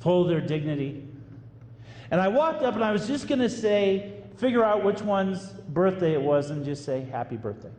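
A priest telling a story in a sermon, animated and acting out the voices of the people in it. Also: male voice, high voice, normal speed. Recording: echoey hall with faint room ambience.

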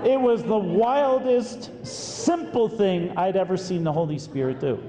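A priest telling a story in a sermon, animated and acting out the voices of the people in it. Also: male voice, sits high, unhurried, background noise. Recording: echoey hall with faint room ambience.

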